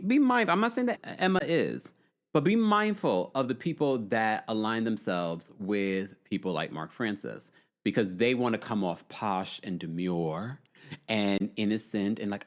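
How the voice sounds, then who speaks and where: A male host chatting on a live stream, reading viewer comments in a sassy, animated way. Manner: animated, sassy, swooping pitch.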